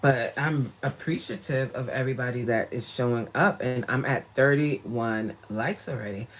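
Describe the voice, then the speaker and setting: A woman fitness coach chats casually on a livestream, reading viewer comments aloud and laughing often, recorded on a tablet mic. Her voice rumbles low at a moderate pace, with a little hiss or hum.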